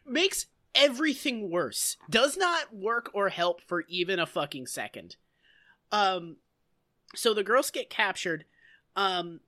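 Lively bright-voiced woman recapping with sarcasm. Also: on the low side. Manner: sarcastic, profane, animated storytelling. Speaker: podcast co-host. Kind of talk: casual comedic recap chat.

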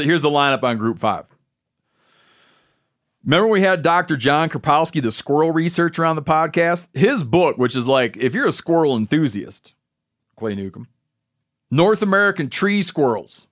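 A man's voice: fairly high pitch, fairly bright tone. A man hosting a podcast, telling a rambling story in casual, joking chat. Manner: storytelling, joking, drawn-out asides. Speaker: podcast host.

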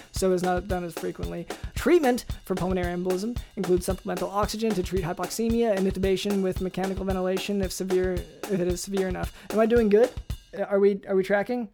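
A co-host reads out a medical lesson at high speed, full of technical terms and small fillers. The voice holds a flat, narrow pitch. Faint music plays in the background. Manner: rapid technical reading with fillers. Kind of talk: fast read medical lesson on a podcast.

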